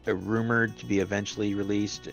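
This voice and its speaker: A man co-hosting a stream, asking questions in a casual, halting way with many restarts. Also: lowish voice, flat delivery, gravelly, faint music behind. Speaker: co-host. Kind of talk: casual chat.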